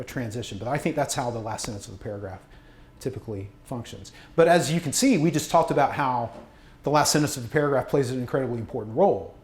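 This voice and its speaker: A man of middle pitch gives a workshop talk on writing, chatty and self-deprecating. He often stops and restarts a sentence mid-thought. The recording picks up the echo of the room. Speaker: university communications workshop presenter. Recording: echoey room.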